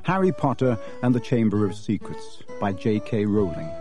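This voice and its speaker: A man narrating an audiobook in a measured, expressive storytelling manner. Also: on the low side, over music. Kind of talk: scripted narration.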